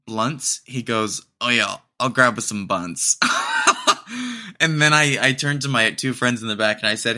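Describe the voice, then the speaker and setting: With a low-leaning, sharp-toned voice at normal speed, the young podcast host drifts through a loose, funny monologue. Sarcasm runs through it, and he cracks himself up along the way.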